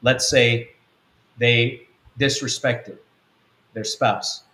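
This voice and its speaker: A man's voice: medium pitch, steady tone, drawn-out words, bright, forceful tone. Earnest man teaching in a roomy echo. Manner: earnest, repetitive, acts out quotes. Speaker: apostle. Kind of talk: spiritual teaching talk.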